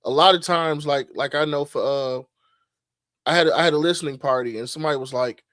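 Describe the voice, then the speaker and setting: A man's voice: fairly high pitch, fairly quick, fairly bright tone, dry recording, clean studio sound. A middle-aged man co-hosting a podcast, talking casually and animatedly, swearing freely and restarting his sentences. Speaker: podcast co-host.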